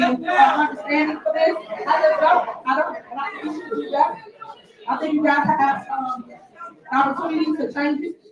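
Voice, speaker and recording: Woman, official at a public board meeting, high-ish voice, emphatic and repetitive, distant mic in a booming hall with a crowd behind. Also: lo-fi sound. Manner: emphatic, repeats pointed questions. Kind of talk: heated remarks at a public meeting. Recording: echoey hall audio from far off with crowd. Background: crowd murmur.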